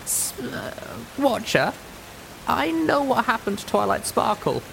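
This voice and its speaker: A man voicing a young mare wanderer, earnest and grieving, in a high, strained, hesitant voice, read as an audiobook story. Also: very animated, a little slow, vocal fry, background noise, exaggerated voice. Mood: anxious.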